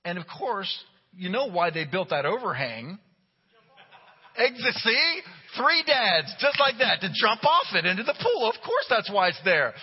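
A middle-aged man, a pastor, delivering a sermon with humorous, animated storytelling. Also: high-pitched, unhurried, slightly rough. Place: church sanctuary. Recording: dull recording with long hall reverb.

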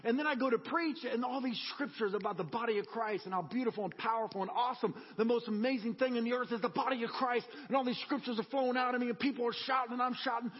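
A man's voice: very high voice, fast talker, few pauses, slightly rough, long reverb tail, dull audio. A man preaching a sermon in a church, telling personal stories with humor and energy. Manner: animated personal storytelling with humor.

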